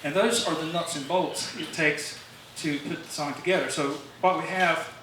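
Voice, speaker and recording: A man's slightly high voice stays steady at a moderate pace, with a fairly bright tone. He's delivering a rambling, informal songwriting talk at a club meeting, full of fillers and restarts, captured from a distance in a very echoey meeting room with faint hiss.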